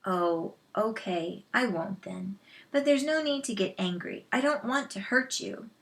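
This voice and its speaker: Woman reading as an earnest young boy, eager, pleading, unhurried storybook voice. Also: mid-range voice, expressive, a bit bright. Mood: soothing.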